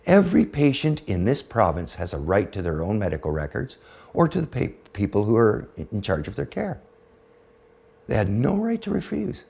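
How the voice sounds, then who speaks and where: A man in his fifties, a podcast guest, telling a personal story in a blunt, profane, animated way. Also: on the low side, moderate pace, gravelly, husky. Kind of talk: storytelling in casual conversation.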